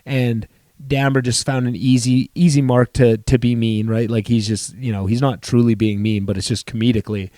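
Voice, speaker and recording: Mellow-voiced comedian spinning a story. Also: male voice, medium pitch, little pitch movement, normal speed, dry recording, clean studio sound. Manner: rambling, profane, self-interrupting. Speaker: comedian and podcast host. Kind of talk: casual solo storytelling.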